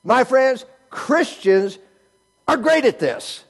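A high-voiced man preaches with husky grain in his voice. His pitch leaps and swoops as he fires rhetorical questions at the pews and teases the congregation. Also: slow pace. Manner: animated preaching, rhetorical questions, teasing humor. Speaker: pastor. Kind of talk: sermon.

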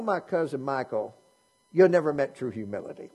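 Husky, mellow-voiced preaching man. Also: medium pitch, animated, moderate pace. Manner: conversational preaching with rhetorical questions. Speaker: pastor. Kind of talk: sermon.

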